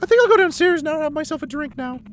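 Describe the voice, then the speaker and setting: A man voicing an anxious, overachieving female student in a high put-on voice, reading game dialogue aloud. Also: lively intonation, racing, fairly bright tone. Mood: tipsy relaxed.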